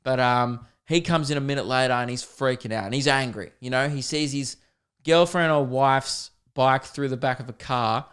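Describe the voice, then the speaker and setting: A young man hosting a podcast, telling a comedic story in a casual, animated, self-deprecating way, with plenty of swearing. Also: medium pitch, moderate pace, clear, resonant tone. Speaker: podcast host.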